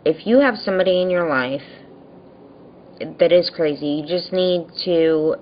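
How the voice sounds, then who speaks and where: A woman's voice: lowish voice, a little slow, muffled recording, slight background noise. A young woman vlogging casually, telling an exasperated story about a neighbor, tired and worn out. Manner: exasperated, animated retelling with mocking quoted voices.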